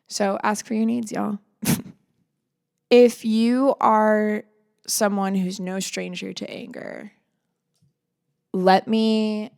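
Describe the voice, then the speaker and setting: Slow, gravelly-voiced woman podcaster. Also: on the low side. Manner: earnest, reflective and encouraging, with soft trailing phrases. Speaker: podcast host. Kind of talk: solo podcast monologue.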